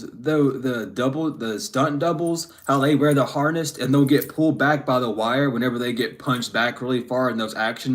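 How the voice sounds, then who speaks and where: A man giving a casual spiritual reading to camera, talking bluntly and profanely, rambling with frequent restarts. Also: mid-range voice. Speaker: spiritual reader.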